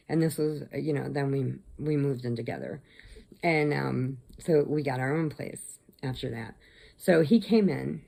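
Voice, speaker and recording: A middle-aged woman from Illinois hosts a crochet channel, rambling through stories in a chatty, casual vlog and laughing often. Her voice is low and gravelly with a warm tone.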